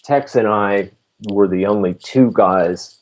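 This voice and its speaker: A man in his fifties, a former roadie and bass player, telling relaxed stories as an interview guest. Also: takes it slowly. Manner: relaxed anecdotal telling, laughs between stories. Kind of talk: casual interview storytelling.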